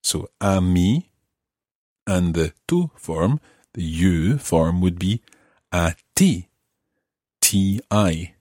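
A man's voice: deep voice, lively intonation, drawn-out words, long pauses, darkish tone, husky, no room sound, studio quality. A man teaching a language lesson, explaining grammar patiently and methodically.

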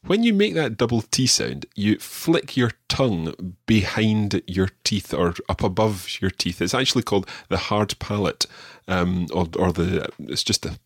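Low husky Scottish man teaching. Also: no echo, studio quality. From Scotland. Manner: patient, explanatory, slightly self-deprecating. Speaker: language podcast host. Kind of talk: podcast pronunciation lesson.

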